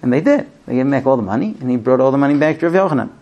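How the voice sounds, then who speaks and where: A man teaching a Torah lesson, telling the story with lively, dramatic delivery. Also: medium pitch, rapid-fire, lo-fi sound. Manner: animated, dramatic storytelling with fillers.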